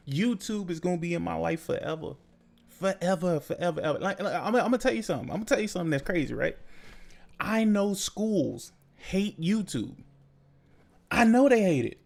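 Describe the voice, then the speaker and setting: Young guy on his podcast, gravelly voice, cussing and laughing through a story. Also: high voice. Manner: profane, animated storytelling with laughs. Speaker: podcast host. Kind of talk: casual chat.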